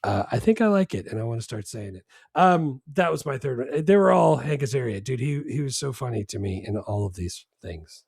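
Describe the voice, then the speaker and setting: A man's voice: mid-range voice, expressive, brisk, vocal fry, a little mellow, breathy edge, no echo, clean studio sound. A man co-hosting a podcast, chatting casually about a film in a rambling, laid-back way with lots of fillers and restarts. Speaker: podcast co-host. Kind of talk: casual movie chat.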